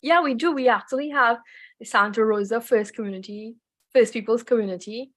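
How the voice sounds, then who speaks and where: A woman's voice: on the high side, a little fast, fairly bright tone. A woman with a Trinidadian accent, a journalist guest chatting in an easygoing, detailed way in an interview. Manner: chatty, detailed, frequent restarts. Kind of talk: casual interview chat.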